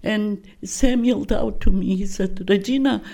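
An older woman speaks slowly in a gravelly, mellow voice. She answers in an oral history interview, haltingly, often breaking off and restarting her sentences as she looks for the right word. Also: medium pitch, steady tone. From Poland. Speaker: guest recounting her life.

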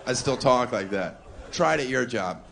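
A man's voice: mid-range voice, animated, moderate pace, gravelly. A man performing provocative live stand-up comedy on a club stage, with mock-defensive asides. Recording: live club with loud crowd noise.

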